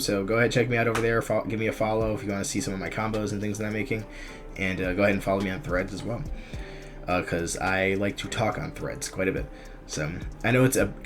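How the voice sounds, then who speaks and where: A young man speaks in a somewhat low voice, relaxed and chatty, as he gives his opinions on a game. He stumbles, restarts and fills gaps with ums. Faint background music plays under his talk. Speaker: gaming YouTuber. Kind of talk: casual commentary on a fighting game tier list.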